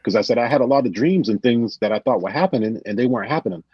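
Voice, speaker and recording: Rapid-fire and animated, a New England man tells casual stories as a podcast guest, acting out his friends' words. His voice sits at medium pitch and is slightly rough. The recording has no room sound and a dull lo-fi feel.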